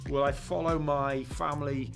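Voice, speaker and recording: A middle-aged man talks easily as a podcast guest, rambling through answers and acting out a long joke in changing voices. Soft music plays faintly behind him. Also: a little high, normal speed, vocal fry. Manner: chatty, tells jokes with lively voiced characters. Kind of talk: casual interview chat.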